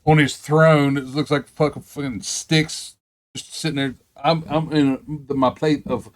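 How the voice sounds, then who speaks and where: A man co-hosting a podcast who jokes constantly and swears freely. His voice sits a little on the high side and is recorded dry and close. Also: level tone, unhurried, dry recording. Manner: profane, joking banter. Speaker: podcast co-host. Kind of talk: casual chat.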